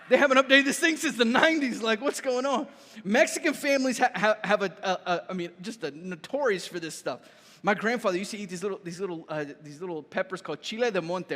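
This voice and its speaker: A man preaching a sermon as a pastor, telling his story with lively repeats and a habit of asking "right?". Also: sits high. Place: church sanctuary. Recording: reverberant church hall.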